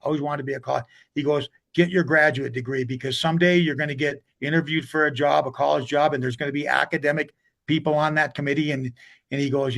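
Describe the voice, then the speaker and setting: An older hockey coach, appearing as an interview guest, tells long stories in a medium-pitched, gravelly voice. He rambles, restarting often and retelling conversations with lots of "he goes."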